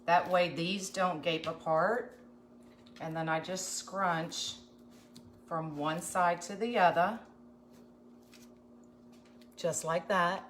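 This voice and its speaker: Slow-talking folksy woman. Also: fairly low pitch, fairly even intonation, a bit bright, a little hiss or hum. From USA. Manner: chatty, folksy, talks to viewers while working. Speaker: craft tutorial host. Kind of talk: live craft demonstration chat.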